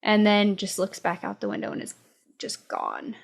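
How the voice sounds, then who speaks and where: A woman podcast host casually retelling a book's plot, with many fillers and pauses. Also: mid-range voice, huge pitch swings, vocal fry. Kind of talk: casual book discussion.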